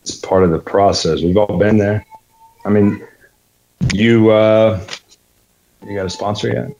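A man's voice: lowish voice, steady tone, a little slow, mellow, a little hiss or hum, rough recording. A man with a Southern American accent reading the part of a wry, forward recovering alcoholic in a script read-through. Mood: teasing.

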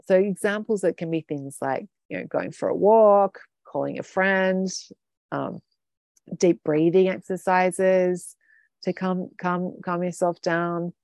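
A woman's voice: fairly low pitch, fairly even intonation, takes it slowly, vocal fry, a little mellow, no room sound. A woman coaching a live group over a video call, talking casually and rambling with many fillers and restarts.

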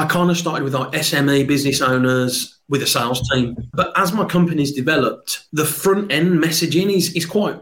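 A man's voice: mid-range voice, fairly bright tone. Chatty Birmingham-accented man. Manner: upbeat, talkative storyteller. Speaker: guest sales trainer. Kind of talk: conversational podcast interview.

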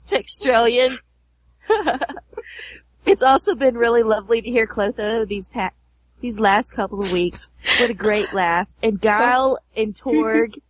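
A woman's voice: fairly high pitch, a little slow, a little hiss or hum. A woman co-hosting a podcast, reading listener messages aloud in an upbeat, chatty way.

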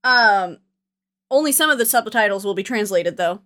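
A woman's voice: mid-range voice, expressive, moderate pace, fairly bright tone. A woman co-hosting a podcast, chatting casually as she retells a movie plot, filling gaps with "like" and "um". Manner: chatty, storytelling, fills gaps with "like" and "um". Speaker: podcast co-host. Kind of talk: casual movie recap chat.

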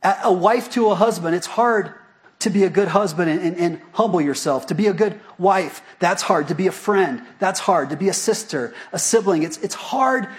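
A man preaching a sermon as a pastor, talking to the congregation in a lively, conversational way with frequent rhetorical questions. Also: high voice, moderate pace, husky.

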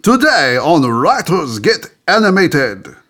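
A man voicing an over-the-top French game show host with a deliberately bad French accent. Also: fairly high pitch, very animated, sharp tone, voice pushed up, heavily acted. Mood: announcing.

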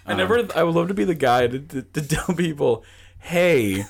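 A high-voiced man hosts a podcast in an easy, joking chat. His pitch leaps all over the place and he takes his time, while a loud crowd murmurs behind him. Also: animated, normal speed, vocal fry. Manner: playful, jokey, breaks into silly put-on voices. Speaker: podcast host.

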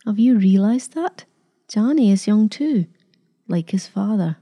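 A woman voicing a kindly old male vicar who speaks softly and gently. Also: mid-range voice, expressive, measured pace, slightly rough. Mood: gentle. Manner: soft, quiet and gentle.

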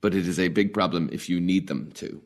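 A man's voice: sits low, steady tone, fast talker. A man hosting a podcast, asking thoughtful questions about athletes and their parents. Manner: thoughtful, warm reflective questioning. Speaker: host, works with young athletes' well-being. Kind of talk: podcast interview.

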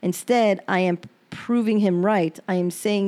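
Woman with a dark, mellow voice. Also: medium pitch, steady tone, unhurried, hardly any pauses. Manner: frank and emotional, with swearing. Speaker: podcast host reading her journal aloud. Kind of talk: reading personal diary entries aloud.

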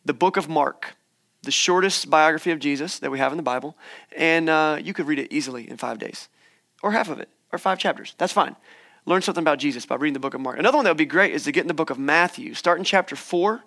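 Conversational young pastor, fairly high voice. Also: male voice, fast talker, fairly bright tone. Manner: conversational, encouraging, playful asides. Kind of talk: sermon. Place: church hall.

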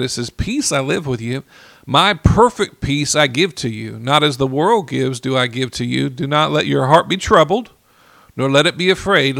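A man preaching a sermon in an earnest way, repeating key phrases and slowing down to stress them. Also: mid-range voice, vocal fry, a bit bright, dry recording.

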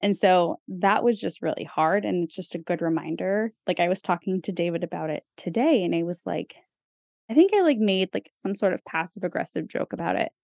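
A woman's voice: lowish voice, animated, brisk, creaky, darkish tone, dry recording, clean studio sound. A young woman co-hosting a podcast, talking in a casual, chatty way with lots of fillers and small laughs. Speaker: podcast co-host. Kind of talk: casual chat.

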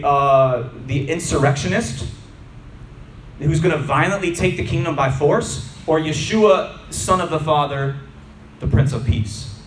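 Man preaching, conversational and emphatic, fairly high-pitched, echoing church hall, faint background noise. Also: distant mic. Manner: conversational, emphatic, addresses the audience directly. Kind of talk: sermon, reading and explaining scripture. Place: church hall before a congregation. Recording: roomy hall with faint ambience.

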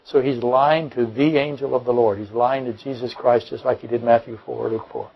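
A man's voice: mid-range voice, fairly even intonation, normal speed, gravelly, darkish tone, breathy edge, low-quality recording. A man preaching a sermon to his congregation as pastor, emphatic, with rhetorical questions and dry jokes. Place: church.

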